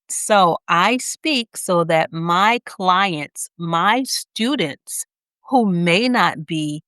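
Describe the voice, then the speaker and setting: A woman with a Southern US accent teaching a motivational business lesson, speaking slowly with deliberate pauses and a smiling, energetic delivery. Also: lowish voice, clear, resonant tone, dry recording, studio quality. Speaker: business coach for nurses.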